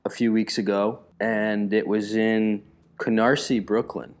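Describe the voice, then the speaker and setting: A man who is a guest comedian, chatting casually and telling stories with quick bursts of character voices. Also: lowish voice. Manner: animated storyteller, jumps into quick character voices.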